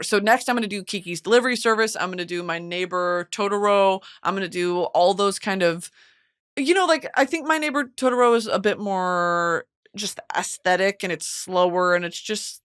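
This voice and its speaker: A young woman hosting a casual chat show, animated and expressive, swearing freely. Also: medium pitch, moderate pace, clean tone. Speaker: podcast host.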